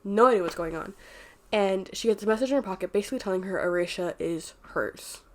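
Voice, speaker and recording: A woman's voice: mid-range voice, brisk, slight background noise. A woman talking casually and candidly as she recaps and reviews a book, rambling a little and swearing freely.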